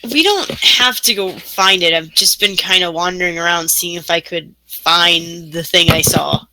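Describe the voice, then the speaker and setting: A woman's voice: on the low side, moderate pace, a little hiss or hum. A woman playing a tabletop game, joking playfully in character. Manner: playful, lively in-character banter. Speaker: player. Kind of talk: tabletop game play, casual chat.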